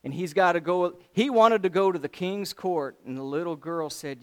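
Man, sermon, folksy storytelling, animated, higher-pitched. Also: moderate pace, hardly any pauses, clear, resonant tone. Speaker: preacher.

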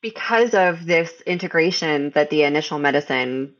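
Podcast guest, kinda giggly, halting, sound a bit muffled and lo-fi. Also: medium pitch, lively intonation. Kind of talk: casual podcast conversation.

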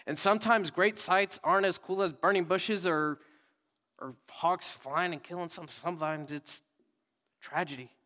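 A young man preaching a sermon in casual, conversational words, swinging from loud readings to soft whispered asides. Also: on the high side, in a large hall. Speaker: pastor. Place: church sanctuary.

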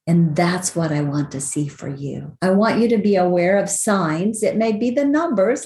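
A woman's voice: lowish voice, dark tone. An older woman hosting a devotional podcast, teaching about Bible verses in an earnest, reflective way. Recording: roomy with faint background noise.

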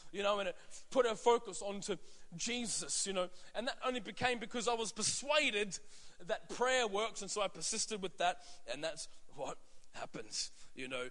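Pastor, thirties, male; bright, easygoing preaching voice with a long reverb. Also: high voice. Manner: conversational, many fillers and asides. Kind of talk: sermon.

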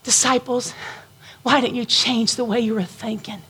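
A woman preaching a sermon, impassioned, at times rising to shouts with a breaking voice. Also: fairly high pitch, fairly even intonation, moderate pace, breathy edge.

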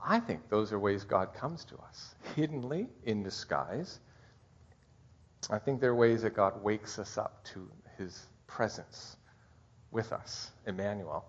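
A middle-aged pastor gives a heartfelt Christmas sermon in a husky, slightly raspy voice whose pitch swings widely with lively intonation. At moments he grows halting, tender and tearful. The recording sounds dull and muffled.

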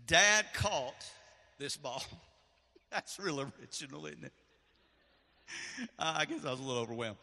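A middle-aged man preaching a sermon, telling a personal story with strong emotion and swinging between loud and soft. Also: on the high side, sing-song, moderate pace, long pauses. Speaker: pastor. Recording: echoey hall.

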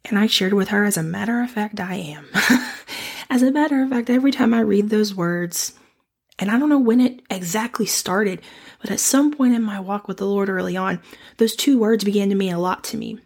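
Woman with a raspy, nasal cold voice. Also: mid-range voice. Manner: earnest, reflective, measured. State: recovering from flu, slightly raspy and nasal. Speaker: podcast host. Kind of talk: devotional podcast talk.

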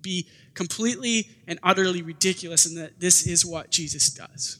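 A man preaching in a high, bright voice, talking casually and acting out little quoted bits as he goes. His words ring out through a church hall with a long echo. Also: normal speed. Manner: conversational, animated preaching with acted-out quotes. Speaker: pastor. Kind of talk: sermon.

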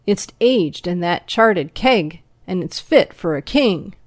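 Woman reads jovial rural moonshiner, male, loud and folksy, raised pitch, dry close read. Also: animated, slow pace, no room sound.

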